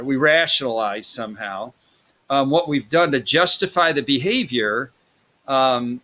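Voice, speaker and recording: A man's voice: medium pitch, a bit bright. A man giving a casual, rambling psychology lecture, full of fillers and restarts. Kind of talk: recorded classroom lecture.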